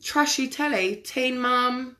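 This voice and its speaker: Her voice is high and bright, pushed, and slow as she chats casually with viewers during a live makeup tutorial. She answers their comments by name, and the sound comes through a webcam or phone on the stream.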